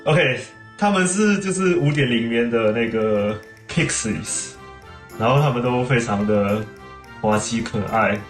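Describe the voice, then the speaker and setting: A man's voice: mid-range voice, a little slow. A man streaming a game, chatting casually and explaining things at length. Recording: roomy room with game music.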